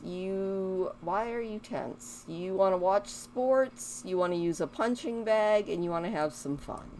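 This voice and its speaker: A woman's voice: on the low side, darkish tone, a little hiss or hum. A woman giving casual commentary while she plays a life-sim game, chatting to her characters and rambling about music. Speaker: gaming video host.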